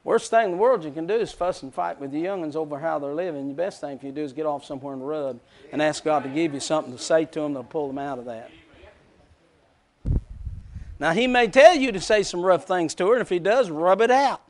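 A man's voice: a little high, animated, fast talker, few pauses. A man preaching a sermon, telling a story with emotive swells.

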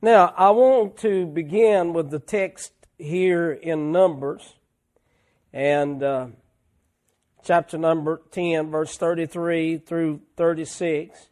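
A man's voice: a little high, fairly even intonation, a little mellow. A man preaching a sermon, telling folksy stories and swelling into emphatic lines. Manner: slow, folksy storytelling with rising emphatic swells.

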